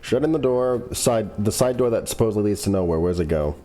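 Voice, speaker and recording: A man's voice: lowish voice, animated, fairly quick, mellow. A man playing a tabletop game, talking casually and restarting his sentences. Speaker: player.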